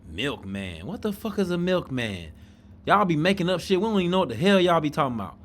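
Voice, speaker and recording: Animated, incredulous man reacting to videos. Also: fairly high pitch, fairly quick. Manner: animated, incredulous, profane, talks back to the screen. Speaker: podcast host reacting to videos. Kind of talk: casual reaction commentary.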